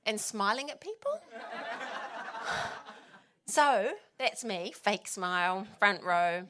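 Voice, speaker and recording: A New woman, a pastor's wife, tells her personal testimony in a middle-pitched voice. She is openly emotional and often laughs between phrases. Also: fairly bright tone.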